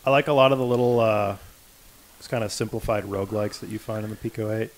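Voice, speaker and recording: A man's voice: fairly low pitch, steady tone, quick pace, a little hiss or hum. A man co-hosting a game developer livestream, talking in an easygoing, explanatory way. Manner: easygoing, explanatory, laid-back. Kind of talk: casual livestream chat.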